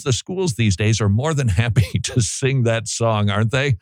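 A man's voice: medium pitch, moderate pace, few pauses, dry recording. Sarcastic male talk show host. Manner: sarcastic, mocking, animated. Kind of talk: opinionated commentary.

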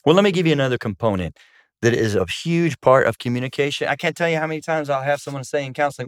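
A man's voice: medium pitch, animated, fairly quick, dry recording, studio quality. A middle-aged man, a marriage counselor co-hosting a talk about marriage, who speaks emphatically and keeps stressing points with "guess what". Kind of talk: conversational teaching on marriage.

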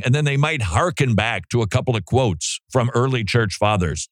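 A man hosting a talk show, giving casual commentary on theology in an animated way with sarcastic mock-quoting. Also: medium pitch, normal speed, hardly any pauses, no echo, clean studio sound.

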